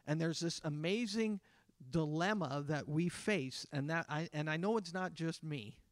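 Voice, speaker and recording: A man in his fifties preaching in a conversational way, with a fairly high voice. He drops into softer voices to act out small scenes. The sound is dry and close, with little room. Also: unhurried, no room sound. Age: 50s. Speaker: pastor. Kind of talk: sermon. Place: church.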